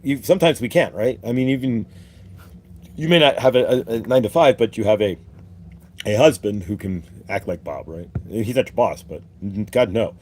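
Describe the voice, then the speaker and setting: A man who hosts a spiritual show, chatting casually after a channeling in a halting, hesitant way. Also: mid-range voice, darkish tone. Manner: halting, hesitant, with many fillers and restarts. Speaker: host and channeler. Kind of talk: casual chat.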